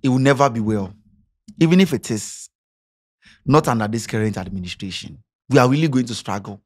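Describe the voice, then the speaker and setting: A man's voice: mid-range voice, brisk. A Ghanaian man giving passionate, sarcastic social commentary, firing off rhetorical questions. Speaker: commentary vlogger.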